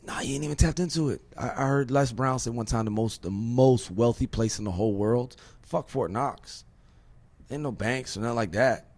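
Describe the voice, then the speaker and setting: A man's voice: medium pitch, normal speed, a little mellow, no room sound. A man from Virginia hosting a podcast, talking emphatically in a rambling way, swearing and asking rhetorical questions. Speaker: podcast host. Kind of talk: casual podcast conversation.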